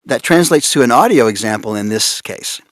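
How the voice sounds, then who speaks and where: A man speaking on a conference panel about voice casting, animated and amused as he reads out odd casting notes. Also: medium pitch, a little fast, no room sound, studio quality. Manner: animated, laughing, reads out examples with amused disbelief. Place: conference room.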